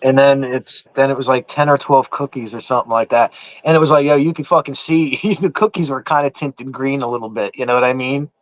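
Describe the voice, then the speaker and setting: Speaking briskly at a medium pitch, the man tells a drawn-out story in an East Coast accent, cursing constantly and circling back with "I said" again and again. It's casual, meandering conversation. There's no echo, though the sound is dull and muffled, with a lo-fi quality.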